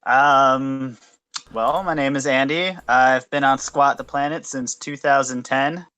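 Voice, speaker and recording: A man's voice: medium pitch, fairly even intonation, slow pace, pushed and bright, no echo. A man speaking as a guest on a casual podcast, laid-back and easygoing.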